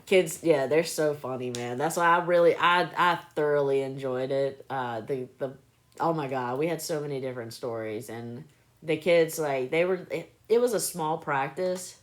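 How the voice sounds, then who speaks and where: A woman casually telling animated anecdotes on a phone live stream, breaking into laughter as she goes. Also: deep voice, moderate pace. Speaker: livestreamer recalling clinic work.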